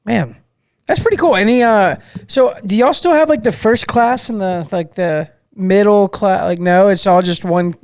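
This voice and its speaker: A man co-hosts a podcast and trades easy, joking banter with his guest. His voice is gravelly, and the sound is dry. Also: high-pitched, moderate pace, darkish tone, no room sound. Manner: laid-back, joking banter. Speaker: podcast co-host. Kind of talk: casual podcast chat.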